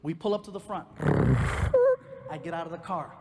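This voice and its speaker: High-voiced male stand-up comedian. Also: moderate pace. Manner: animated, acting out each person. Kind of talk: stand-up storytelling. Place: comedy stage in a large venue. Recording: live hall with faint noise.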